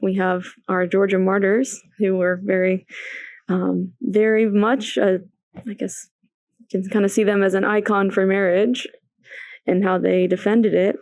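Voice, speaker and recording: A woman hosting a podcast, asking her guest open questions in a measured way. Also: mid-range voice, little pitch movement, darkish tone, dry recording. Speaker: podcast host.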